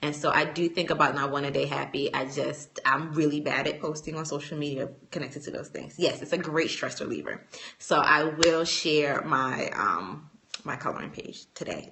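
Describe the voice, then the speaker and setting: A woman's voice: deep voice, normal speed, vocal fry, pushed and bright. A woman talking casually to viewers on a phone livestream, playful and teasing, laughing often and using y'all and ain't. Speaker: speaker and trainer hosting a livestream.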